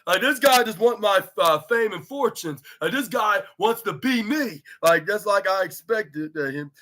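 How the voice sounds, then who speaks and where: A man with a high, bright, forceful voice talks through a wrestling episode in loose, rambling podcast chat. He retells the dialogue and leans on "like" constantly. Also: lively intonation, normal speed. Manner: rambling, heavy use of filler "like", retells dialogue. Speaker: podcast host. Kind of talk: casual wrestling show recap.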